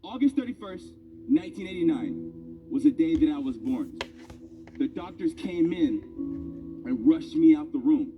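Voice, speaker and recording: Guy in his 30s, fairly high voice, storytelling speech that builds up loud, music pumping behind. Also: very animated, measured pace, long pauses, recorded from a distance, phone-quality sound. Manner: personal storytelling, emphatic, building to loud peaks. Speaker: motivational speaker. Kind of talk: motivational speech.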